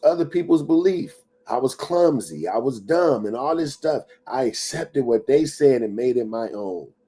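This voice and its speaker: The middle-aged motivational speaker delivers an emphatic, preachy talk full of repetition, now and then dropping into a low whisper that voices inner doubts. His tone is darkish and slightly rough.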